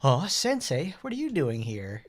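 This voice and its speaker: A man's voice: mid-range voice, wildly swooping pitch, measured pace. Give me a man voicing a flustered, bubbly teenage schoolgirl from a game, stumbling over words.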